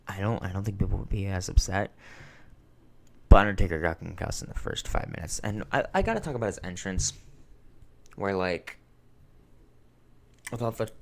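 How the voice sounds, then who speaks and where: A young man in his twenties talks through a wrestling review in a deep, low voice. He rambles with plenty of fillers, swears casually, and lets his feelings show openly. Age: 20s. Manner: emotional, sentimental.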